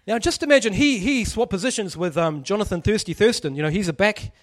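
A man's voice: sits high, fast talker. Chatty man preaching. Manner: chatty, jokey, asks the audience questions. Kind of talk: casual sermon.

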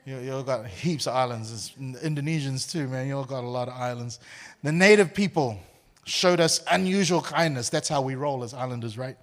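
Animated New man preaching. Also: mid-range voice, fairly quick. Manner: animated, laughs often, repeats words. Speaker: pastor. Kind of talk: sermon with personal storytelling.

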